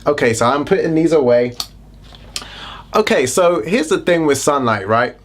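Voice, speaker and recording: A man's voice: on the high side, lively intonation, moderate pace, a little hiss or hum. Joking British man vlogging to camera. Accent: British English. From Britain. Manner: chatty, joking, self-deprecating asides. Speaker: wellness vlogger. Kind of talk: casual talking-to-camera vlog.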